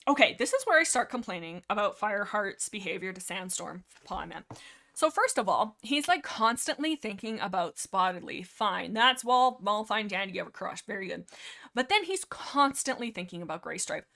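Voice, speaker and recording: A woman with a bright, ringing voice chatting loosely through a livestream book discussion. She giggles often, trails off and restarts her thoughts, and rambles with a playful, self-mocking ease. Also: medium pitch, sing-song, normal speed, gravelly. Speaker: livestream host.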